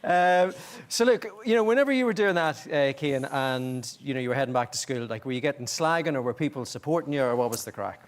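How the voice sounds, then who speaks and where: A man's voice: medium pitch, expressive, a little fast, few pauses. An Irish man hosting a studio talk show, teasing his guests and often restarting sentences. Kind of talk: studio interview. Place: TV studio with audience.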